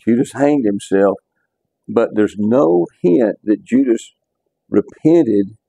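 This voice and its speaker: A man's voice: mid-range voice, lively intonation, takes it slowly, creaky, dark tone, dry recording, muffled recording. A man teaching a casual Bible class, talking conversationally and repeating words as he restarts his sentences.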